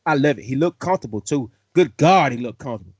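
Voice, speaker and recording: Excitable man, dry close sound. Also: mid-range voice, rapid-fire, slightly rough, no room sound. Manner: excitable, playful, Southern slang. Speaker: host. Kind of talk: fan sports podcast talk.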